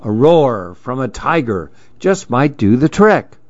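A man reading a rhyming picture-book story aloud in an expressive, rhythmic way. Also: medium pitch, slow pace, dry recording, lo-fi sound.

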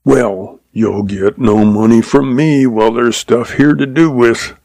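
A bullying old stepfather roars and snarls, rude and domineering, as a male storyteller puts him on. The voice is gravelly with a dark edge, pitched up and drawn out slowly. It sounds like a dry, close reading of a Western storybook. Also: no room sound. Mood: angry. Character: bullying gruff older stepfather rancher.

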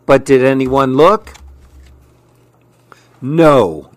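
A man reading a children's storybook aloud, with a slow, expressive delivery. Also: mid-range voice, no room sound.

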